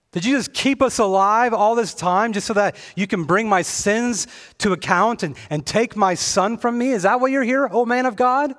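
A man voicing an anguished grieving widow, pleading in a high, strained voice. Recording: long hall reverb.

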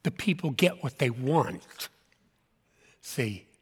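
A man's voice: mid-range voice, sing-song, takes it slowly, husky. A man in his seventies preaching a sermon in an earnest manner and repeating key points for emphasis. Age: 70s. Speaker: pastor. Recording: long hall reverb.

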